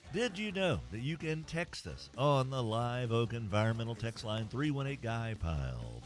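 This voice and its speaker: A man hosting a morning sports radio show, joking his way through live ad reads. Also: mid-range voice. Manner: playful, jokey, mock-whispers and funny voices during ad reads.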